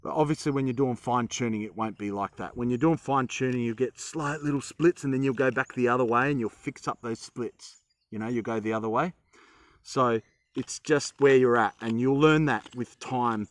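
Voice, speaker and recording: A man's voice: medium pitch, normal speed. Chatty Australian man teaching spoon carving. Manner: rambling, chatty, self-deprecating humor. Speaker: woodcarving teacher. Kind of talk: casual instructional talk while carving.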